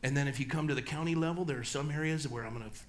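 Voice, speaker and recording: Middle-aged male pastor, higher-pitched, emphatic church delivery. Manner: emphatic, rising to loud peaks, then dropping low and slow. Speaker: guest pastor speaker. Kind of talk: church talk and Q&A answer. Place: church hall.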